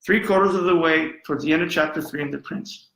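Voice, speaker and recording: A man's voice: fairly high pitch, fast, creaky, a bit bright. A man giving an impassioned live lecture, dramatic and emphatic, repeating phrases for effect. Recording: roomy echo.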